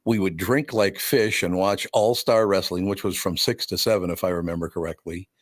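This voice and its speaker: A man's voice: low-pitched, fairly even intonation, normal speed, dry recording, studio quality. An older man hosting a radio talk show, telling wry stories with frequent chuckles. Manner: storytelling, wry, chuckles often. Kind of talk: casual chat.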